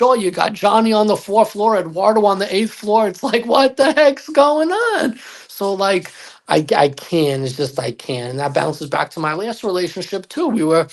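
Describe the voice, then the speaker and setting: A man's voice: fairly high pitch, vocal fry. A man telling a personal story on a podcast as a guest, in a loose, rambling way, acting out what people said and filling gaps with "uh" and "like.". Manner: rambling, acts out quoted dialogue with many fillers. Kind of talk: casual storytelling.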